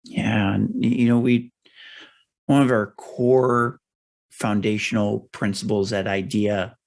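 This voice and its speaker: A middle-aged man hosts an interview podcast with a low, gravelly voice. He lays out his points in a measured, explanatory way, often circling back to restate them. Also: flat delivery, darkish tone. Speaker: podcast host. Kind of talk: interview conversation.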